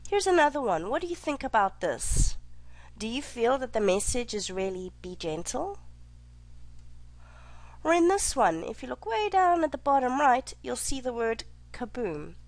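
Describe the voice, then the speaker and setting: A woman teacher giving a recorded lecture, speaking clearly and deliberately and slowing down to stress her examples. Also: sits high, sing-song, no echo.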